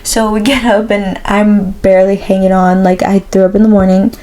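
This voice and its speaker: A woman's voice: medium pitch, flat delivery, normal speed, mellow, slight background noise, poor audio. A young woman co-hosting a casual podcast, telling a story with frequent laughs, likes and restarts. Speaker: podcast co-host. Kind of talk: casual chat.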